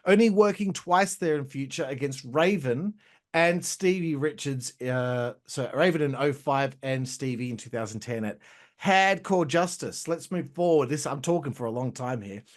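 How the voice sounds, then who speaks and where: A young adult man, hosting a casual wrestling review, talking in a profane, animated rant. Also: medium pitch, moderate pace. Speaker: host.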